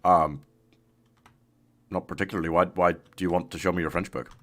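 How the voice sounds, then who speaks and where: A man's voice: low voice, steady tone, fairly quick, fairly bright tone. A man streaming a game live, chatting casually with his chat, laughing often and yelping when danger appears. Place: home streaming setup.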